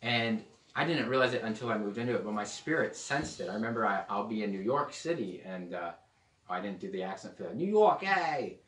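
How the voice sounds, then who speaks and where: A man's voice: on the low side, fast talker, a bit bright, a little hiss or hum. A man preaching a casual, joking sermon to a small group, now and then slipping into playful put-on accents. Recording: echoey room, mic at a distance.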